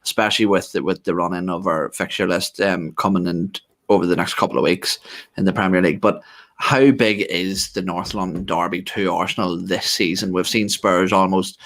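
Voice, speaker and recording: Low-voiced male podcast host, blunt and sweary, laughs a lot. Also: steady tone, moderate pace, fairly bright tone. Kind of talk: casual podcast chat.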